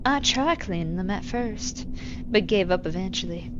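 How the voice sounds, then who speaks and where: A woman streamer playing a game, reading its text aloud slowly and adding dry, wry asides. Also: medium pitch, lively intonation, highs cut off, noisy background.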